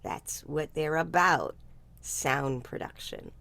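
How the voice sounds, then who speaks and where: A woman's voice: low-pitched, slow, creaky, bright, forceful tone. An older woman telling a story in a casual chat, blunt and salty-tongued, laughing often. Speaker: guest speaker. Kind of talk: casual video-call chat.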